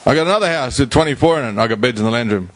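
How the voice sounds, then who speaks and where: A middle-aged Australian man addresses a community forum in a blunt, colloquial way. He leans on repetition and slangy phrasing to drive his points home, and his voice sits at an ordinary middle pitch for a man. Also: animated, rapid-fire. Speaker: rehab house founder speaking at a community forum. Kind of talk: blunt public talk.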